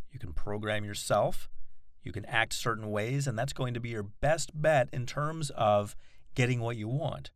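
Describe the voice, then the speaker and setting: A man teaching a recorded self-help course, explaining techniques in a measured way and stressing key words. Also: medium pitch, dry recording, studio quality. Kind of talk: recorded audio lesson.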